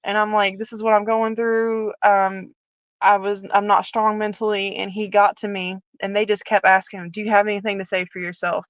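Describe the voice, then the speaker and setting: A woman at a middle pitch tells her story candidly, acting out each exchange as she goes. The sound is dry and close, slightly dull and muffled. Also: normal speed, no room sound. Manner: animated retelling, acting out dialogue. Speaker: guest, former prison officer.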